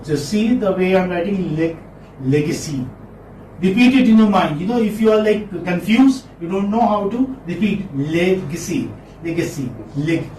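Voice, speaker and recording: A man lecturing a class on phonetics, repeating words slowly and checking in with students with a questioning "hmm?". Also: fairly high pitch, darkish tone, far from the mic. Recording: echoey room, mic from afar, faint noise.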